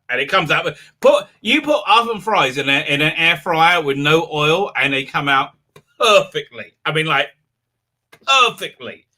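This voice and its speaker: On a livestream, a man whose voice is a little high, bright, and forceful hosts a casual chat, often restarting and rambling as laughter interrupts him.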